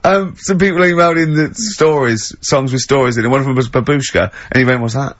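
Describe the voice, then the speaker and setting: A man's voice: medium pitch, fast, fairly bright tone, dull audio, slight background noise. A man hosting a casual radio show, teasing and laughing as he talks, hungover. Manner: teasing, laughs often, mock-exasperated.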